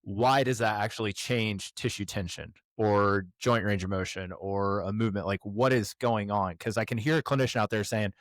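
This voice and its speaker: A male host with a deep voice works his way toward a question in loose, casual phrasing, with plenty of "like" and "you know". The mic is close and dry, with no room sound. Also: fairly even intonation, normal speed, hardly any pauses, dry recording. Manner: loose, rambling questions with many fillers. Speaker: podcast host.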